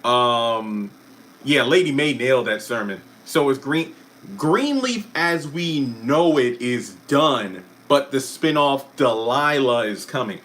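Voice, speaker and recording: A man hosting a casual live stream who chats about a TV finale, answers viewer comments, and often breaks off with quick asides and apologies. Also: mid-range voice, expressive, a bit bright. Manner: chatty, self-interrupting, apologetic asides. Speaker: YouTube live stream host.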